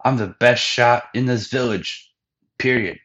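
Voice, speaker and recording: A man's voice: mid-range voice, a little slow, a bit bright, lo-fi sound, voice pushed up, close to an everyday voice. A man voicing a boastful young male sharpshooter, brash and indignant in a casual recap.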